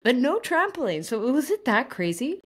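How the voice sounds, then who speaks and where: A woman's voice: sits high, sing-song, normal speed. A young woman co-hosting a podcast, talking in a casual, chatty way with lots of fillers and restarts. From Canada. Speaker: podcast co-host. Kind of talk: casual chat.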